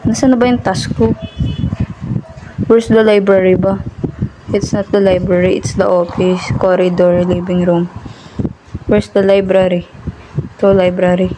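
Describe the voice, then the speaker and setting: A Filipino woman giving excitable live commentary while she plays a game, mixing English and Tagalog. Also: medium pitch, a little hiss or hum, poor audio. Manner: excitable, exclaims often, switches between English and Tagalog. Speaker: game streamer.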